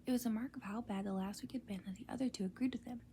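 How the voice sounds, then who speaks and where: Soft ASMR storyteller, woman, unvoiced whisper, slightly raised pitch. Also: rapid-fire, a little hiss or hum.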